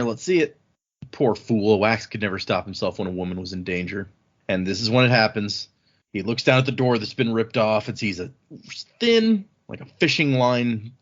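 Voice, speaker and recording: A man's voice: medium pitch, lo-fi sound. Rambling man retelling a book scene. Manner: rambling, animated retelling with filler words. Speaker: podcast host. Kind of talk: casual book discussion.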